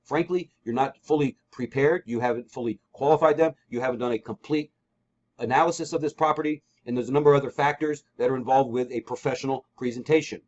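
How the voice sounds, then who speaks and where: Fast-talking emphatic male sales trainer. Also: mid-range voice, darkish tone. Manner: emphatic, repetitive, coaching with sample scripts. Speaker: real estate trainer. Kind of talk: training call instruction. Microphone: call recording. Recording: dull lo-fi call audio.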